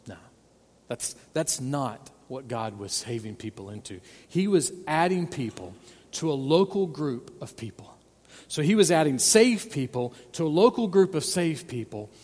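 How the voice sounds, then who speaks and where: Male pastor, earnest sermon, pleading and emphatic, slightly high voice, long reverb of a church hall. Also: a little mellow. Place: church sanctuary.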